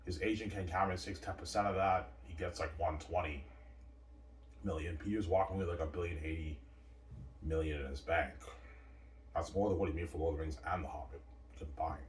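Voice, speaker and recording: Rambling deep-voiced man talking fast. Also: fairly even intonation, a little hiss or hum. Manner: rambling, repetitive, boastful. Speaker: vlogger. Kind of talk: casual monologue. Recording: roomy, distant mic.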